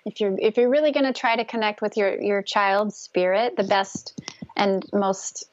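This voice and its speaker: A woman guest speaking gently and earnestly about spiritual connection, with frequent restarts. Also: medium pitch, fairly even intonation, normal speed, no room sound, highs cut off. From Northern California. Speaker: guest, conception coach. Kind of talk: casual interview talk.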